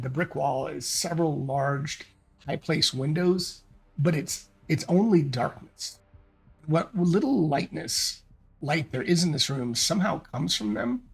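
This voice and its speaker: A man narrating a solo tabletop adventure as he thinks aloud, halting and hesitant. His voice is gravelly and husky, a bit high, and unhurried. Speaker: solo game master and player.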